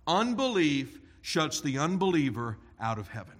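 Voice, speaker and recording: A man preaching an expository sermon in a deliberate, emphatic way. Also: on the high side, big pitch swings, fairly bright tone. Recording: long hall reverb.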